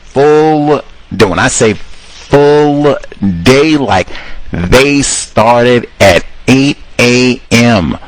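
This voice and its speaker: A man hosting a casual commentary monologue, calling his listeners cousins and acting out the people he quotes in higher voices. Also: expressive, drawn-out words, no room sound, poor audio. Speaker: host.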